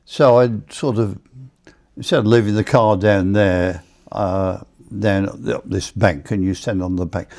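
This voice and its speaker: A man's voice: fairly low pitch, fairly even intonation, unhurried, darkish tone. An older English man, a former racing driver, telling rambling anecdotes in casual chat and acting out other people's voices. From England.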